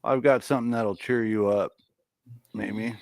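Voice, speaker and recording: A man hosting a casual livestream chat show in a relaxed way, swearing now and then. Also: fairly low pitch, normal speed, gravelly, a crowd in the background. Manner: laid-back, swears casually.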